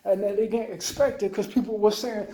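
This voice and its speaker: Rambling, profane man with a dark voice. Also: sits high, fairly even intonation. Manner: profane, loose, rambling, talks fast then trails off. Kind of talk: rambling monologue rant. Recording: roomy echo.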